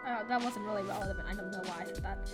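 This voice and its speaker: A woman's voice: mid-range voice, quick pace, loud music behind the voice. A woman rambling through a storytime while drawing, often sidetracked and correcting herself. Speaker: storyteller and artist.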